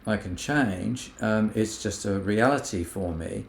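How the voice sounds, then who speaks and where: Gentle-voiced man in an echoey room. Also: lowish voice, a little slow, gravelly. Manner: gentle, acts out quoted remarks in other voices. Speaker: podcast co-host. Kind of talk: casual reflective chat.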